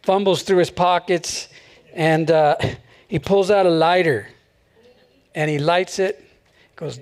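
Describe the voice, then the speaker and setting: A male pastor preaching a sermon in a relaxed, conversational way, chuckling often between phrases at a church service. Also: a little high, slow.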